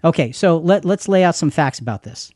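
A man co-hosting a bible talk show, chatting casually and reading verses aloud slowly. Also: fairly high pitch, expressive, darkish tone, no room sound, studio quality. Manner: reads verses slowly and deliberately. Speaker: podcast co-host.

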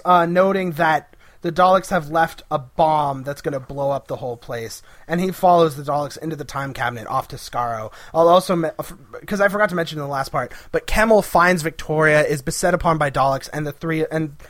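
A man's voice: on the high side, no room sound. A man co-hosting a podcast, chatting casually and jokingly acting out characters' lines. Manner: animated, jokey, acts out voices. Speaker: podcast co-host.

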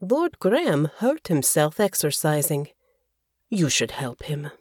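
A woman voicing a fierce, proud young woman soldier in an audiobook, speaking in a low, cold growl with slow, clipped words. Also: very animated, darkish tone, no room sound, studio quality, heavily acted. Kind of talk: audiobook character voice.

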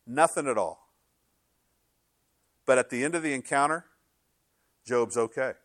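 A middle-aged man preaching with lively, conversational energy and a sarcastic streak in his asides. His voice sits at an ordinary male pitch. It is captured close and dry, with almost no room sound. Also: unhurried, dry recording. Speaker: pastor. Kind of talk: sermon.

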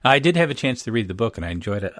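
A man's voice: mid-range voice, sing-song, racing, a bit bright, no room sound, clean studio sound. A man hosting an interview, asking friendly questions with some hesitation. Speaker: interview host.

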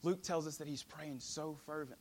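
High-voiced dramatic male preacher. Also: a little fast. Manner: dramatic, swinging between ringing emphasis and hushed near-whisper. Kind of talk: sermon.

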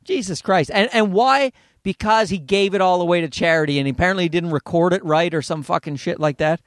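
A man's voice: high-pitched, fairly quick, no room sound, studio quality. A man hosting a solo podcast, ranting in a rambling, profane, sarcastic way. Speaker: podcast host.

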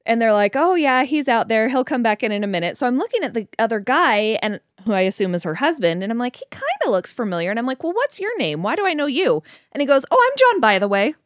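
A woman chatting casually and telling a story, acting out quoted dialogue in a higher voice. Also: big pitch swings, fast, dry recording, studio quality.

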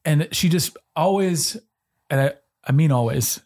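Earnest husky-voiced man co-hosting. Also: fairly high pitch, a little mellow. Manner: earnest, measured, thinks aloud with restarts. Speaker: podcast co-host. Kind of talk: conversational discussion.

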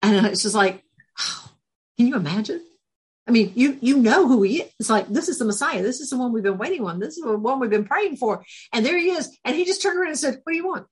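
A woman's voice: fairly high pitch, a little fast, husky. A talkative, spunky woman telling stories as a podcast guest, laughing often. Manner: laughs often, animated storytelling. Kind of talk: casual interview chat.

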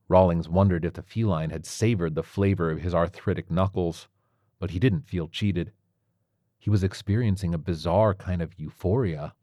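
Deep-voiced man narrating a story. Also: darkish tone, no echo, studio quality.

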